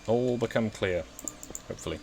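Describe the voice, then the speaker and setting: A man with an English Midlands accent talks through his building plans in a low, easygoing voice. He rambles, corrects himself and mocks his own mistakes. Faint background hiss and keyboard clicks sit under his voice. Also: moderate pace, gravelly, a little mellow. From England, West Midlands. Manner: rambling, self-mocking, thinks aloud while building. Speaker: gaming video host. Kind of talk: casual gameplay chat.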